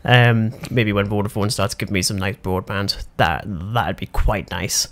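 A man's voice: lowish voice, fairly even intonation, moderate pace, a bit bright. Young british guy hosting a podcast, lots of ums and little laughs, easy chatty tone. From Britain. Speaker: podcast host. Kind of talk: casual podcast chat.

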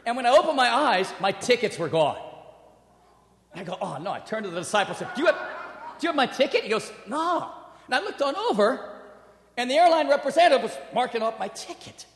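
Animated preacher in an echoing hall. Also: male voice, very high-pitched, brisk. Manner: animated, storytelling with acted quotes and laughter. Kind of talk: sermon with personal story. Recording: roomy hall with long reverb.

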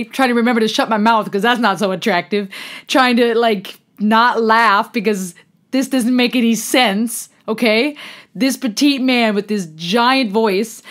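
A woman hosting a music reaction video, exclaiming and laughing in disbelief in casual commentary. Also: a little high. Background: faint music playing.

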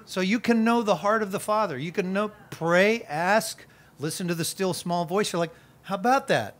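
A man pastor preaching a sermon at an outdoor worship gathering, conversational and energetic with playful asides. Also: high voice, moderate pace.

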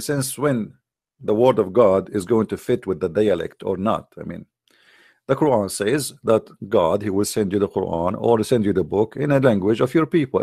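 A man's voice: on the low side, vocal fry, darkish tone, husky, dry recording, studio quality. A man hosting a religious debate, talking in a mocking, emphatic way with a lot of repetition. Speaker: debate host. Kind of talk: argumentative religious debate talk.

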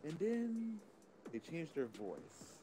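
A young man in his twenties tells a long, rambling story over voice chat while streaming a game, his pitch leaping all over as he laughs between lines. There is a clear hiss of noise under the recording. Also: huge pitch swings, slow, dark tone. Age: 20s. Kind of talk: casual chat while gaming.

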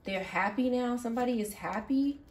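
A woman giving an intuitive tarot reading, thinking aloud, halting and repeating herself. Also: on the high side, a little mellow. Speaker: tarot reader.

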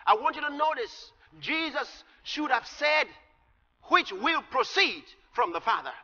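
High, bright-voiced preaching man. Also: sing-song, a little slow. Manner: emphatic preaching, rises to shouts on key lines. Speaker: pastor. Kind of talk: sermon. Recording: lo-fi recording with long hall reverb.

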